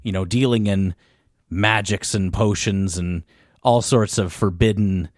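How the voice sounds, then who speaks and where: Male co-host, low voice, rambling chat, dry close sound. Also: steady tone, darkish tone, no echo. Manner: rapid, rambling, laughs often. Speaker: podcast co-host. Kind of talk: casual chat.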